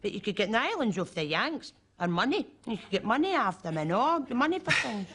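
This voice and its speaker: A woman's voice: a little high, very animated, a little fast, fairly bright tone, slight background noise. A frank old Glasgow woman. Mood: reminiscing. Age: older. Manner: frank, bawdy, chatty. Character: cheeky older Glasgow woman recalling wartime.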